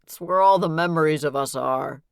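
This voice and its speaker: A woman's voice: low voice, normal speed, gravelly, smooth, dry recording, clean studio sound. A woman voicing a tearful, guilt-ridden older man who talks in a shaky, pleading way. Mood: remorseful.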